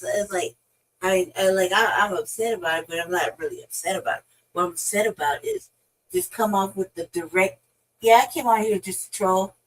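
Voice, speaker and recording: A woman's voice: mid-range voice, poor audio. A woman co-hosting a podcast in casual chat, blunt and swearing, with many restarts and fillers. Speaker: podcast co-host.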